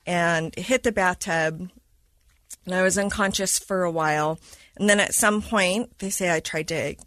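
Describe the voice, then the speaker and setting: A woman who is a mother of school-age kids, a podcast guest telling a personal story in a lively way and acting out what people said. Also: lowish voice, dry recording. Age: adult mother of school-age kids. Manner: lively retelling that acts out quoted dialogue.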